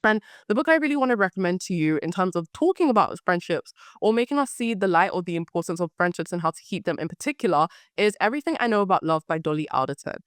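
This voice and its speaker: A young woman hosting a podcast, chatting animatedly about books with a slightly hoarse voice, repeating words for emphasis. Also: on the low side, animated, quick pace, hardly any pauses, no echo, studio quality. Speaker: podcast host. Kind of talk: casual book talk.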